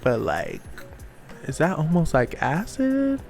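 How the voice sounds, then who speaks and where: A man hosting a casual reality show recap, talking in a sassy, slangy way with quick asides. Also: fairly high pitch, huge pitch swings, vocal fry, darkish tone, faint music behind.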